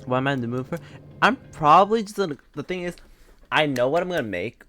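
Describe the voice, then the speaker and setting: A man's voice: on the high side, animated, quick pace, sharp tone, soft background music. Rambling young man chatting on stream. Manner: rambling, filler-heavy storytelling with frequent laughs. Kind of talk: casual chat while gaming.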